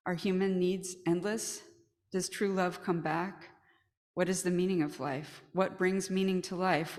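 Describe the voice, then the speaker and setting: Low-voiced woman reciting deadpan in a reverberant hall. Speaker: performer at a reading. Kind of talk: deadpan recitation of search questions. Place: gallery reading event.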